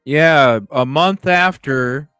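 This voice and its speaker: A man hosts a show and talks with heat and indignation, leaning hard on his words and swearing. He speaks slowly, in a dry, close sound with faint music underneath. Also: on the high side, bright, forceful tone, smooth, no room sound. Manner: indignant, profane, emphatic. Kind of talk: heated commentary.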